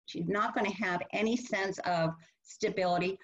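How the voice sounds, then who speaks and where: A woman's voice: mid-range voice, moderate pace. A woman presenting a workshop and teaching caregivers, earnestly acting out what to say to a child. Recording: muffled lo-fi webinar audio.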